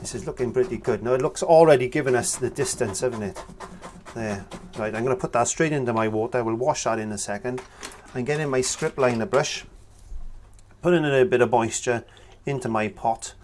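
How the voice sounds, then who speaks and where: A man, talking through a painting tutorial in a relaxed, chatty way as he works. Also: medium pitch, a little fast, a little hiss or hum. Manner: relaxed, chatty, talks while working. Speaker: painting instructor.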